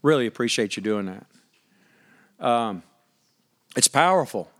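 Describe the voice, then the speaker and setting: A pastor preaching a sermon, reading scripture aloud and asking the congregation questions in a conversational, emphatic way. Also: male voice, mid-range voice, animated, unhurried, a bit bright.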